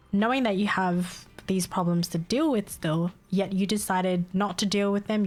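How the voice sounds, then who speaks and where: Young aussie woman ranting on stream, laughs a lot, swears, fed up. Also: lowish voice. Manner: exasperated venting, laughs often, swears. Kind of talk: casual chat with stream chat.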